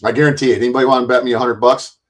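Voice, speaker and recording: A man's voice: mid-range voice, fairly even intonation, very fast. A man hosting a livestream, taunting guests and trading profane insults in a combative argument. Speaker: livestream host.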